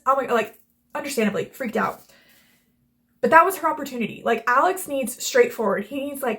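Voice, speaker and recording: A woman's voice: a little high, a little fast, a bit bright. A young woman hosting a casual book and movie review, gushing and rambling with lots of filler words and acting out the characters' lines. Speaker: book reviewer and channel host. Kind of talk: casual chat.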